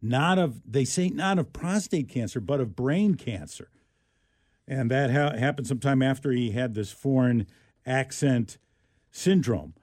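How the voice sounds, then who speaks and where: A man's voice: mid-range voice, animated, unhurried, a little mellow, no room sound. A man co-hosting a radio show, chatting casually and jokingly about an odd news story, often restarting his sentences. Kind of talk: casual talk radio banter.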